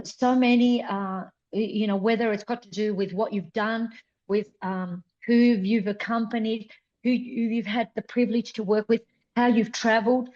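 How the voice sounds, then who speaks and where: A woman's voice: medium pitch, a little mellow, dull audio. A woman in her fifties, a flamenco dancer guest, talking earnestly and repeating words for emphasis in an interview. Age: 50s. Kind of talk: conversational interview.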